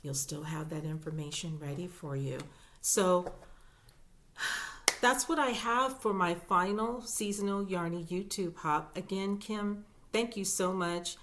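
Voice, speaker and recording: A woman's voice: on the low side, measured pace, a bit bright, a little hiss or hum. A woman crochet vlogger talking casually as she shows her work, chatty and gushing, with fillers and repeats. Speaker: crochet YouTuber. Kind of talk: casual show-and-tell vlog.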